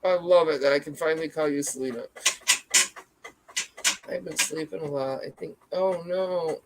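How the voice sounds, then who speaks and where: A woman's voice: low voice, normal speed, slight background noise, poor audio. A woman in her thirties chatting casually on a livestream, rambling, reacting to chat and swearing freely.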